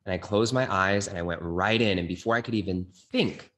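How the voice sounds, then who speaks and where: Speaking a little fast with hardly any pauses, this low-voiced man is a Bay Area singer-songwriter recounting his life as an interview guest. His earnest, animated telling includes acted-out quotes.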